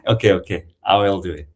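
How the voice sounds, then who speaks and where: A man, a guest engineer on a casual livestream, speaking modestly in simple phrases. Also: sits low. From Korea.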